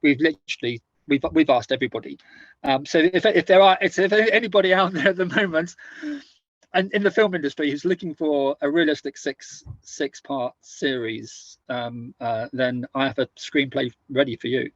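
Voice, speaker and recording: A middle-aged man from the United Kingdom chats as a podcast guest, his fairly high voice stumbling over repeated words as he spins his anecdotes. The sound is dry and a little dull, like a lo-fi remote recording. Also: no room sound. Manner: halting, repeats and restarts words while telling anecdotes. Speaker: guest, author and former army officer. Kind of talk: casual conversational storytelling.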